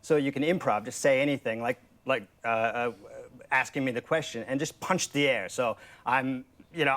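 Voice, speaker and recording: A coach answers questions on a TV studio couch. He explains patiently and often restarts his sentences. His voice is mid-pitched and ordinary. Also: moderate pace, a bit bright. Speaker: accent coach, guest. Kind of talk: TV interview.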